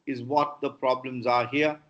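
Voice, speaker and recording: A man with an Indian English accent, a professor teaching pronunciation in an online lecture, slowly modelling word after word. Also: mid-range voice, steady tone, a bit bright. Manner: slow, deliberate modelling of sounds. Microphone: computer mic on a video call. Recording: dull lo-fi video call audio.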